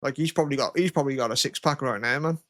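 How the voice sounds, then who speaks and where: A man's voice: mid-range voice, rapid-fire, fairly bright tone, dry recording. Young man, English, podcast co-host, sweary, rambling, laughing, dry sound. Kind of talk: casual chat.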